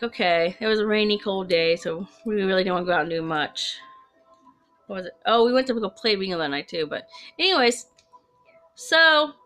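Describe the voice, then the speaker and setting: Bright-voiced woman telling a rambling story. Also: medium pitch. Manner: rambling, chatty, with frequent restarts and asides. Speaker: storyteller of personal ghost stories. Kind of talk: casual storytelling to camera.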